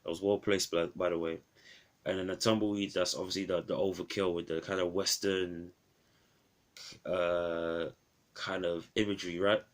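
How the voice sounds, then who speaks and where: A man's voice: low voice, little pitch movement, normal speed. A man reviewing an old film in a casual, rambling vlog, often restarting his phrases.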